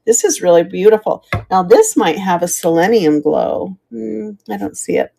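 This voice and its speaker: A woman's voice: mid-range voice, animated, moderate pace, creaky, warm tone. A middle-aged woman chatting as she sells vintage items on a live stream, thanking viewers by name. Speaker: live auction seller. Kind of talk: live-stream selling chat.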